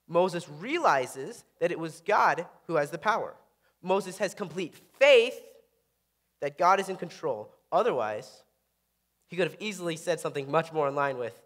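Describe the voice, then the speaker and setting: A man's voice: on the high side, expressive, a little slow, a bit bright. A young man giving a sermon, reading scripture aloud and adding casual, earnest asides. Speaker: preacher. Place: church sanctuary. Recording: reverberant hall.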